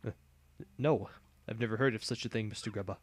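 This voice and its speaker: A man voicing a prim female arena manager in a quiet, stiff, businesslike tone, reading game dialogue. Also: fairly low pitch, fast talker, husky. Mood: formal.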